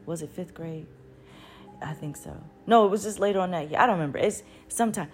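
An adult woman telling a personal story in a casual, animated way, swearing freely and laughing often as she talks. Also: lowish voice, quick pace, soft background music. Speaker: vlogger.

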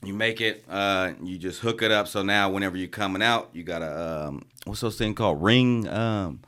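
A man in his thirties casually telling an Army story to friends, profane and animated, acting out the sergeants he quotes. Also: deep voice, moderate pace. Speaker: podcast co-host, Army veteran.

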